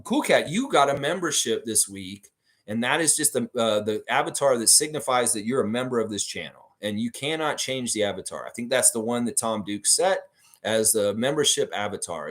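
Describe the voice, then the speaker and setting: A man's voice: medium pitch, lively intonation, normal speed, a bit bright. A man hosting a fan livestream, chatting casually and answering viewer comments in a rambling way with lots of fillers.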